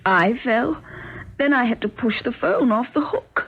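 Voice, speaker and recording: A woman's voice: a little high, lively intonation, unhurried, breathy edge, full character voice. An actress playing a frightened young British countess and mother in a 1970s radio drama, speaking with a British accent in a desperate, pleading way. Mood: earnest. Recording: tinny old radio broadcast.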